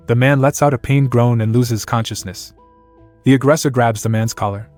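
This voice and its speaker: A man narrating a comic story recap in a scripted, even storytelling read. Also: medium pitch, moderate pace, soft background music.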